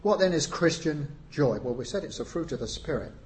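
A man preaching a sermon, unhurried, with frequent pauses and rising emphasis on key phrases. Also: fairly high pitch, expressive.

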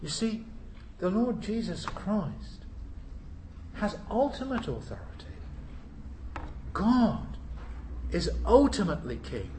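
A male preacher with a high, lively voice that climbs and dips widely as he preaches to his congregation. He puts questions to them and shifts between forceful, loud emphasis and quiet, hushed asides. There is faint noise behind him in the church. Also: slow pace, long pauses, roomy sound, low-quality recording. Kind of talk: sermon.

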